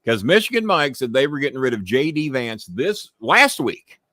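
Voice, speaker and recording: A man's voice: medium pitch, very animated, normal speed, pushed and bright, no room sound, clean studio sound. A man hosting a live podcast stream in casual chat, talking bluntly and swearing freely as he rambles. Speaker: podcast host.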